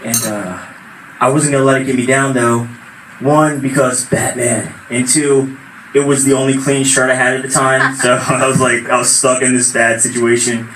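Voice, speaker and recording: A young man telling an animated stand-up story at an open mic, now and then shouting out quoted voices. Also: medium pitch, normal speed. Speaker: stand-up comedian. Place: small venue at open mic night. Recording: echoey room, far from mic, noisy.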